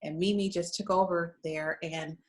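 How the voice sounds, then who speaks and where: Her voice is on the low side, steady in tone and moderate in pace, heard through a low-quality recording. An American lingerie shop owner and talk show guest, she tells an emotional story earnestly and conversationally, often saying "you know."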